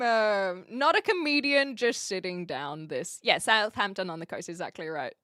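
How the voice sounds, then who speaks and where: A woman from New Zealand livestreaming from an attic, chatting casually as she reads and answers her live chat, self-mocking and quick to laugh. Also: medium pitch, big pitch swings, bright, forceful tone, dry recording, clean studio sound. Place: attic room.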